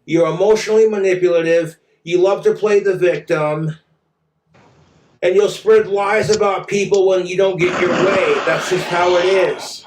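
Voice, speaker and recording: A man's voice: high-pitched, steady tone, moderate pace, a little hiss or hum. A man streaming, ranting bitterly and with exasperation. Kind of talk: angry rant on a stream. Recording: echoey room, far from mic.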